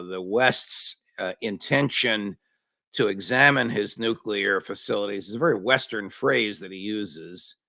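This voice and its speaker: A male interview host with a gravelly, bright edge to his voice. He probes his guest with searching questions, stopping often to restart his sentences. The sound is dry and close to the mic. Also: lowish voice, dry recording. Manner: probing, pauses with fillers and restarts. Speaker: show host.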